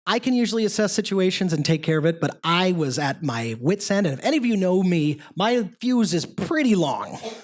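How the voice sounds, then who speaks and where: A storyteller performing live in a pub, talking at an average pitch. The delivery is chatty and self-mocking, broken up by quick asides that check in with the audience. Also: big pitch swings.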